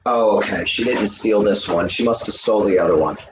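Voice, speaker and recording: A man's voice: on the low side, brisk, roomy sound, a little hiss or hum. A man livestreaming, ranting at his chat in a heated, profane, lecturing way while smoking a cigarette. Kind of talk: live stream rant to chat.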